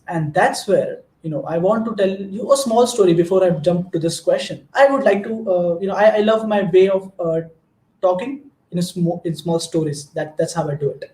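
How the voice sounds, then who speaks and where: Indian guy w a high voice giving a pep talk to students, earnest, tells little stories, roomy echo. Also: moderate pace, darkish tone. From Maharashtra, India. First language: Marathi. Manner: earnest, storytelling, frequent restarts. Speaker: guest speaker. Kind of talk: motivational talk.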